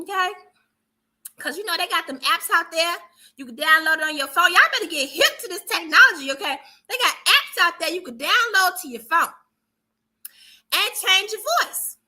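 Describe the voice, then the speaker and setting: A woman speaking as a dating coach in casual advice talk, animated and preachy, punctuating points with "okay?". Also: sits high.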